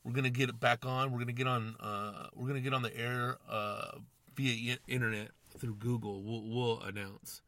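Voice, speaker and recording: A man's voice: mid-range voice, fairly even intonation, normal speed, a bit bright. A young man hosting a podcast, rambling casually with constant swearing and slang. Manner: profane, rambling, slangy, says "dude" and "man". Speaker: podcast host. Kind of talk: casual monologue.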